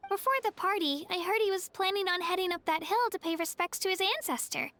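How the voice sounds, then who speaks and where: A woman voicing a sweet, earnest young girl in a game who bakes cakes for her friends, speaking gently and hopefully. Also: very high voice, brisk, slight background noise. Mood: sincere. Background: soft game music.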